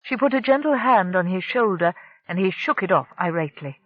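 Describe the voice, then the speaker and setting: Narrator reading sci-fi, steady, kinda muffled and dry. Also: mid-range voice, a little fast, dry recording. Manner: steady storytelling. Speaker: audiobook narrator. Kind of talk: scripted narration.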